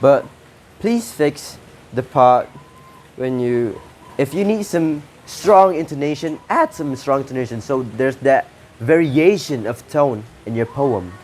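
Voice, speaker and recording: A man with an Indonesian accent judging a poetry contest, giving feedback to each contestant in short, halting phrases full of restarts. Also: medium pitch, animated, darkish tone, slight background noise.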